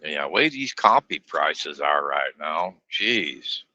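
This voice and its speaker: A man's voice: very deep voice, very animated, slow pace, bright, forceful tone, dry recording, dull audio. A man streaming live from his truck, chatting in a folksy, grumbling way and laughing often. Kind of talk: casual live-stream chat. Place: inside a semi truck cab.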